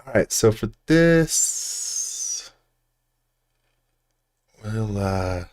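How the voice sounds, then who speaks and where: Slow, low, muttering male host. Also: animated, darkish tone. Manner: mutters to himself while working, trailing off; laughs often, self-deprecating. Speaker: host modeling furniture in 3D software. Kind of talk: casual livestream tutorial chat.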